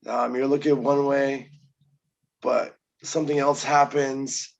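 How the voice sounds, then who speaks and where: A man's voice: mid-range voice, level tone, takes it slowly, creaky, poor audio. A man co-hosting a casual review chat, loose and joking, with many hesitations. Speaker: co-host.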